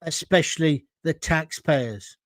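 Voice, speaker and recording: Blunt, high-voiced man ranting. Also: slow pace, no room sound. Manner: blunt, combative, addresses viewers directly. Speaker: livestream host. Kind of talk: ranting political livestream.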